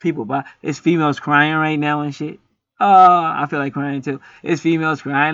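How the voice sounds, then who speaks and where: Bright-voiced man rambling through a chart reading. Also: on the high side, level tone, moderate pace, clear, resonant tone, dry recording. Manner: rambling, profane, joking. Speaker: astrology reader. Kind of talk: casual monologue reading a natal chart. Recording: slightly muffled lo-fi recording.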